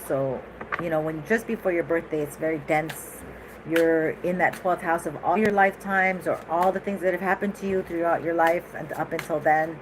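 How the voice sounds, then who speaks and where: Woman tarot reader, lowish voice, rambling and chatty, noisy recording. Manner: chatty, animated, laughs often, rambling asides. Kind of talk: casual tarot reading.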